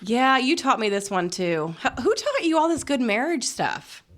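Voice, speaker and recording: A woman's voice: on the high side, big pitch swings, moderate pace. A woman co-hosting a podcast with her husband, playful and teasing, laughing often in casual chat. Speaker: podcast co-host.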